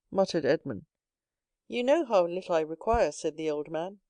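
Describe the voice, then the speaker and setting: A woman reading a classic novel aloud as an audiobook narrator, voicing each character herself and lifting her pitch for the young hero. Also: normal speed, warm tone, dry recording, clean studio sound. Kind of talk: scripted narration.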